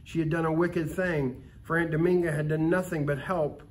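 A man's voice: fairly high pitch, moderate pace. Man reading a Christmas storybook. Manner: calm, expressive storytelling with small slips. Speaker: story reader.

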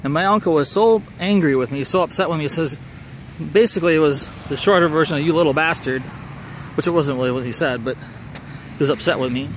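A man's voice: fairly high pitch, fast, noisy background. A middle-aged man from Minnesota with a Minnesotan accent, telling a casual personal story in a wry, rambling way that doubles back to correct himself.

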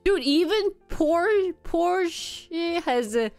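A woman's voice: very high-pitched, expressive, drawn-out words, a little mellow, no room sound, soft background music. A woman streamer in casual live-stream chat, laughing often as she reads lists aloud and tries out pronunciations. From Korea. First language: Korean.

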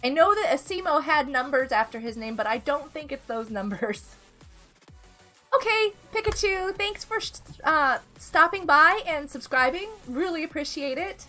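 Bright high-voiced woman streaming games. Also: lively intonation, moderate pace, faint music behind. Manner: chatty, giggly, greets chat by name. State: unwell. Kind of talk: live game stream chat.

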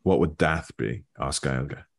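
Man, very low voice, rambling casual lesson host on a video call. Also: moderate pace, creaky. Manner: rambling, thinking aloud, repeating words. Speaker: Irish learning video host.

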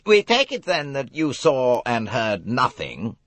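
A man voicing an impatient, brisk middle-aged male officer in an audiobook. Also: mid-range voice, wildly swooping pitch, fairly bright tone, dry recording, voice pushed up, full character voice.

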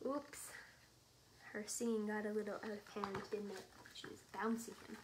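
A young woman, a children's librarian, reading a bedtime story with gentle, chatty asides to children. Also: mid-range voice, flat delivery, a little fast, background noise.

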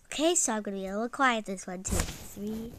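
A woman's voice: mid-range voice, fairly quick, very noisy. A woman giving casual, stressed-out gameplay commentary, exclaiming often and saying "like" a lot. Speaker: gaming channel host.

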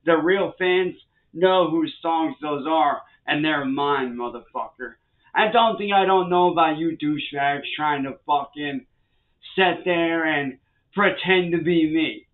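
Guy ranting mad and cussing a lot, kinda high voice, tinny like a phone. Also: slow pace. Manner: profane, threatening, repeats warnings. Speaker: vlogger. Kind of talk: angry rant to the camera.

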